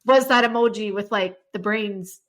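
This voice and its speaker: A woman's voice: mid-range voice, moderate pace, a bit bright. A woman hosting a podcast, chatting eagerly with her guest and laughing easily. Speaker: podcast host. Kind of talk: casual interview chat.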